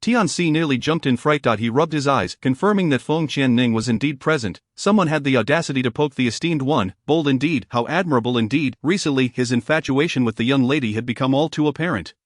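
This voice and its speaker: A man narrating a fantasy story in an even, formal reading style. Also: mid-range voice, fairly quick, few pauses, dry recording, studio quality.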